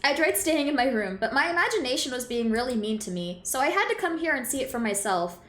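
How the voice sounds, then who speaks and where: A woman voicing a gentle, anxious teenage girl in a game, reading her lines softly and earnestly. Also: high-pitched, very animated, fast talker, echoey room. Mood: sad.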